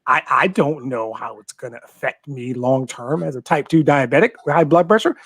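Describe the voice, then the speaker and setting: A man's voice: a little high, brisk, few pauses, fairly bright tone, no echo. A man co-hosting a sports talk show, blunt and indignant, ranting with profanity. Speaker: co-host.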